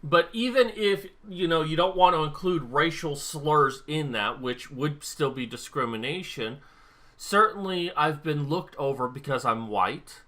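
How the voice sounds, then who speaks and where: Bright-voiced man rambling to camera. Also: a little high, unhurried. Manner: rambling, thinking aloud. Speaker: vlogger. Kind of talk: casual talk-to-camera monologue.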